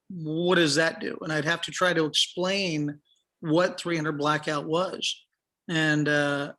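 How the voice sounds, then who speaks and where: A middle-aged man on a podcast, his voice pitched a touch high and very bright and forceful. He spins a long casual anecdote and plays out every back-and-forth, with plenty of "uh"s and "you know"s along the way. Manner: acts out quoted dialogue, many fillers. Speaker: podcast guest, firearms industry professional. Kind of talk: casual storytelling.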